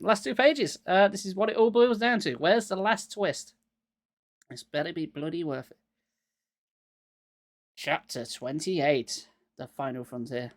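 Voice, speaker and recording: A man's voice: on the high side, no echo, clean studio sound. A man getting over a cold, giving a live reading of a children's horror book and breaking off with sarcastic asides. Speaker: reader.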